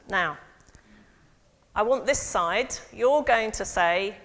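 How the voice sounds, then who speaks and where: A woman priest giving a lively sermon and involving her congregation. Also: medium pitch, slow pace, pauses often. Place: church. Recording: long church reverb.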